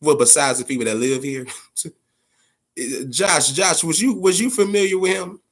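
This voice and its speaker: A man with a fairly high voice speaks at a normal speed while hosting a casual live-stream chat. He swears freely, rambles, repeats himself for emphasis, and talks directly to his viewers.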